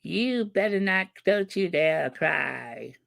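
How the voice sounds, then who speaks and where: A commentator doing an impression of a well-known woman, stern and commanding, drawing out reproachful orders slowly. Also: mid-range voice, lively intonation, vocal fry, fairly bright tone, pitched above the performer's own voice, full character voice. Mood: scolding. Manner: slow, drawn-out, reproachful commands. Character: scolding woman, a public figure, stern and commanding.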